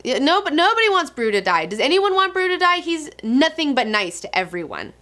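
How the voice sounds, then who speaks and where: A young woman reviewing comics in a bright, fairly high voice, gushing and excitable. Her delivery is loose and profane, with lots of fillers. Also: brisk. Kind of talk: casual commentary.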